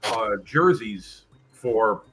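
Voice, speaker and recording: Guy on a live panel rambling along, lots of restarts, bright punchy voice. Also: on the low side, animated, drawn-out words, a little hiss or hum, low-quality recording. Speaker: panel guest. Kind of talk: casual chat.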